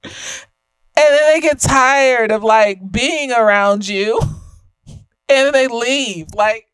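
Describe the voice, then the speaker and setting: A woman's voice: on the high side, drawn-out words, fairly bright tone, smooth, dry recording. A young woman giving a casual, slightly tipsy film review, profane and emphatic, laughing often.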